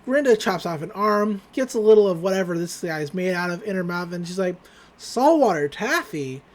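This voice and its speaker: Podcast host, mid-pitch voice, loose chatty delivery with casual swearing; recaps a cartoon episode. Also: steady tone, a little fast.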